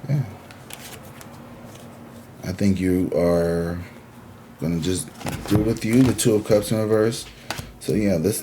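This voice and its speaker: A very deep-voiced man reads tarot cards in a relaxed, chatty way, reassuring his listeners and letting a curse slip now and then. A faint hiss sits under his voice. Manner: laid-back, chatty, reassuring, with casual swearing. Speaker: tarot reader. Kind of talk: casual tarot reading.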